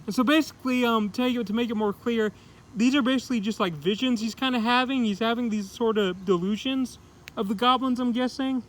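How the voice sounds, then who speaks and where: On a low-quality recording, a man with a very high voice speaking a little fast gives a casual, rambling comic book review. His talk is full of "like" and "kinda."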